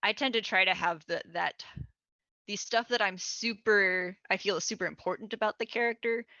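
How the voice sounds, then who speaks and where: A woman on a tabletop gaming panel, thinking aloud in a halting way with many restarts, recorded with dull, muffled audio. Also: medium pitch, sharp tone, no room sound. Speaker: tabletop game player, panelist. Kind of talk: casual panel chat.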